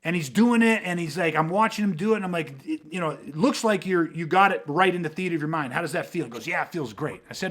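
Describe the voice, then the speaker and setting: A man with a somewhat high voice, talking in a loose, casual podcast chat. He teaches self-defense and rambles through his stories. He swears freely and keeps dropping fillers like "you know what I mean". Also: quick pace, few pauses, fairly bright tone.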